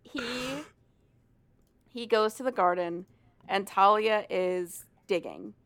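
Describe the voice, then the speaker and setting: A woman's voice: medium pitch, slow pace, a bit bright, clean tone, dry recording. A woman casually recounting a story, swearing and laughing, sometimes reading out the characters' lines. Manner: chatty, swears and laughs while retelling.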